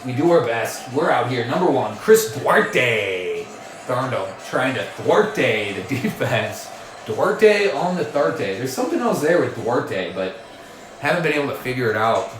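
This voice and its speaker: A man calls a basketball game as a playful commentator, his pitch bouncing up and down as he drops puns and corrects himself. His voice carries the hollow ring of a roomy space, with faint music playing underneath. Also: a bit bright. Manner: jokey, pun-filled, self-correcting. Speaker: play-by-play commentator. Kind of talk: mock sports play-by-play commentary.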